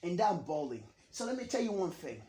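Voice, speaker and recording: A man's voice: sits high, sing-song, a little fast, dark tone. A man doing a boastful braggart. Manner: rambling, boastful, repeats words. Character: boastful young Ugandan man bragging of football fame. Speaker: comedian doing an impression. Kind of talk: comedy parody monologue. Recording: roomy echo.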